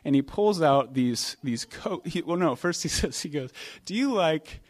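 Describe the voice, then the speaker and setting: A man preaching a sermon, from New York, telling stories in a relaxed, conversational way with pauses and restarts. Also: fairly high pitch. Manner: conversational storytelling with hesitations. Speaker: pastor.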